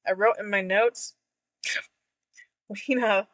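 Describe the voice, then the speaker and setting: A woman in her thirties chats casually as a podcast co-host, blunt and quick to swear, laughing often. Her voice sits at an ordinary middle pitch. The recording is close and dry, with no room sound. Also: steady tone, fairly bright tone, dry recording. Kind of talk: casual book discussion chat.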